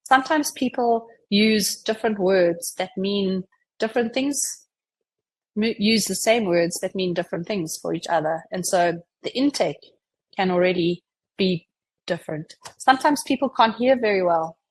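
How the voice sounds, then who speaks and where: A woman giving a conversational webinar presentation, chatty and relaxed, who often says "you know" and acts out example dialogues. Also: medium pitch, moderate pace, poor audio.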